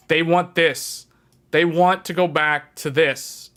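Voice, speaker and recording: A man with a fairly high voice hosts a casual livestream about PC hardware. He talks to his viewers directly in an animated, emphatic way, hammering his points home with repetition. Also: slow pace. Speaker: tech livestream host.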